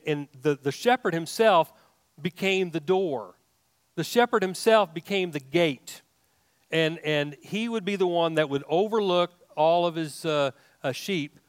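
A man delivers a sermon in a high-pitched voice, pressing his points with rising, emphatic questions and stumbling restarts. The sound is dry and close, with no room around it. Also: smooth, dry recording. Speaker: pastor.

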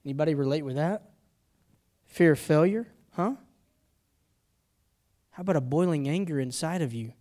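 A middle-aged man preaching a sermon, telling personal stories and moving between hushed, confessional moments and loud, urgent ones. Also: a little high, normal speed, pauses often.

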